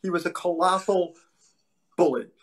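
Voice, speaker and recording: A man with a fairly high voice tells stories in a casual interview. He is animated and lively, and he acts out other people's lines as he goes. He is a martial arts instructor talking shop. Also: moderate pace.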